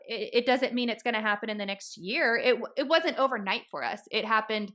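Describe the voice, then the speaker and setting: A woman's voice: a little high, fast talker, hardly any pauses, a bit bright. A woman in her thirties hosting a podcast, telling a story in a casual, chatty way and acting out what people said. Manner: chatty storytelling, acts out quoted dialogue. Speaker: podcast host.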